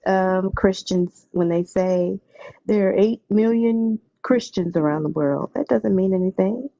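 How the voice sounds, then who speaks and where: A woman's voice: mid-range voice, unhurried, vocal fry, mellow, no echo, highs cut off. An older woman and grandmother joining a live stream, chatting and teasing in an easygoing way. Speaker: co-host guest. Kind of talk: casual live stream chat.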